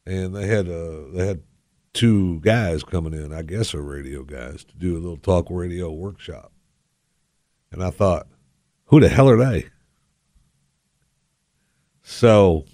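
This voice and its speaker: A man's voice: deep voice, dark tone, no room sound, studio quality. Wry drawling male radio host. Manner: put-on folksy drawl, wry and sarcastic. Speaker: radio talk show host. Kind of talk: casual talk radio monologue. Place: radio studio. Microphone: headset.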